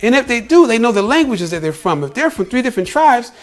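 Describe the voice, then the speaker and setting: A man's voice: very high voice, very animated, fast. An American man in a casual vlog, talking emphatically to the listener, often repeating himself and calling them "bro". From United States. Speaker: vlogger. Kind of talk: casual opinion talk to camera.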